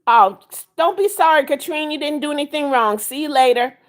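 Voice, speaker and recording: An older woman with a fairly high voice hosts a live stream. She reads viewers' comments aloud and greets each person by name. She turns firm and scolding when someone breaks her rules. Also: a little fast. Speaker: livestream host. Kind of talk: live chat reading.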